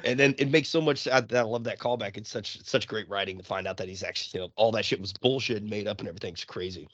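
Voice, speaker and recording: A man's voice: fairly low pitch, fast, a bit bright, no echo. Man, blunt, jokey, swearing, dry close sound, dull audio. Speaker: podcast co-host. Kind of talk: casual movie discussion.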